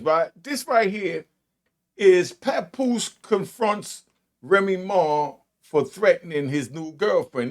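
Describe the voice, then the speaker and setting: A man in his sixties hosting his own show, telling a rambling prison story in casual street slang, full of asides and restarts. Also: a little high. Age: 60s. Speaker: host.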